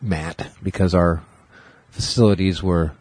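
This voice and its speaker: A middle-aged man with a husky, fairly low voice chats loosely on a podcast, drifting through stories and swearing along the way. The sound is dry and close, with no room around it. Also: steady tone, unhurried, darkish tone, no room sound. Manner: swears freely, rambling storyteller. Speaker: podcast co-host. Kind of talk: casual chat.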